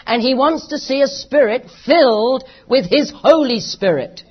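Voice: high-pitched, unhurried, slightly rough. A preacher with a British accent delivering an impassioned, emphatic sermon full of repeated phrases. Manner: impassioned, emphatic, repetitive rhetoric. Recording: dull lo-fi recording.

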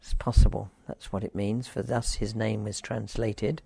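An older man teaching a Bible passage informally, rambling with wry asides and reading the scripture aloud forcefully. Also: on the low side, little pitch movement, normal speed, gravelly, slightly rough, no echo.

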